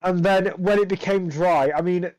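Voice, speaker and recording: A man's voice: high voice, steady tone, moderate pace, a little mellow, no room sound, rough recording. A man doing live commentary and interviews for a sim racing league, dry and sarcastic, rambling with fillers.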